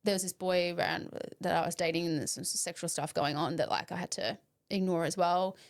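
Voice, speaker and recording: A woman's voice: lowish voice, brisk, vocal fry. A young woman hosting a podcast, telling a story animatedly, swearing freely and acting out the voices in it. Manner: animated, swearing, acts out voices in her stories. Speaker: podcast host. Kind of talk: casual storytelling chat.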